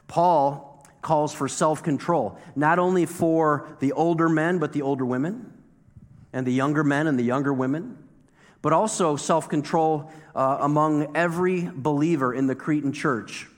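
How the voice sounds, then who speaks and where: A man preaching a sermon in a relaxed, conversational manner, circling back to hammer his points through repetition. His voice sits a little higher than most men's. It rings out with a long reverb, as in a large church hall. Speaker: pastor.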